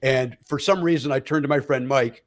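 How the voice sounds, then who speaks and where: A man's voice: mid-range voice, brisk. A middle-aged man, a comedian, telling stories in a casual podcast chat and acting out the voices of the people in them. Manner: animated storyteller who acts out quoted voices. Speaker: comedian guest.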